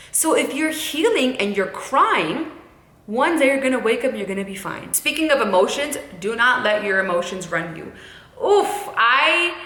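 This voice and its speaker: A young woman speaks candidly to camera, direct and emphatic, driving points home by repeating them. Her voice is bright and forward. The room around her adds a noticeable echo. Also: mid-range voice. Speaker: YouTuber giving breakup advice. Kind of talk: casual advice monologue to camera.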